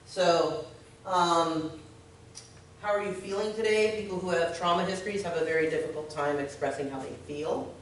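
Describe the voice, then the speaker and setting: A woman's voice: low-pitched, far from the mic. An earnest woman leads a workplace discussion, stressing her points and checking in with her listeners. She sits well back from the mic in a very echoey meeting room. A faint noise floor hums underneath. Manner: earnest, emphatic, often checks in with "right?". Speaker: social services staff member leading a discussion.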